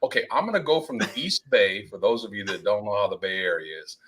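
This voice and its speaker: A man's voice: fairly low pitch, animated, fairly quick, a bit bright, slight background noise, low-quality recording. A man, ranting in casual sports talk as a podcast co-host. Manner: exasperated ranting.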